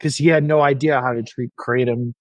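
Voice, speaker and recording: A man's voice: medium pitch, fairly even intonation, brisk, no echo, low-quality recording. Candid man recounting his recovery. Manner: frank, self-deprecating, many restarts. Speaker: podcast guest. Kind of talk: candid personal storytelling.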